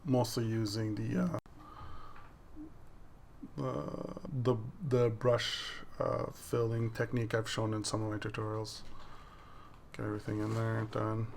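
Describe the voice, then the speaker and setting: A man with a gravelly, creaky voice talks casually over a recording of his digital painting, walking through each step as it happens. A faint hiss sits under his voice. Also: fairly low pitch, completely flat delivery, measured pace, long pauses, a little mellow. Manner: explains each step as the work plays on screen. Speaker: digital artist. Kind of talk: casual voice-over of a drawing process video.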